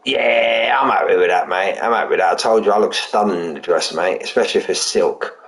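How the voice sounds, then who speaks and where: A man's voice: low voice, a little fast, creaky, a bit bright, poor audio. A man commentating a sim racing league, casual and chatty, calling drivers "mate" and saying he's buzzing for them. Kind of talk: live race commentary and chat.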